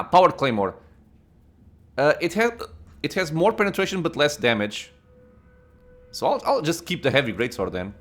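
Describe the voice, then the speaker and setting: A man's voice: mid-range voice, fairly bright tone. A man giving casual gameplay commentary as a let's play host, thinking aloud with many "uh"s and laughing at himself.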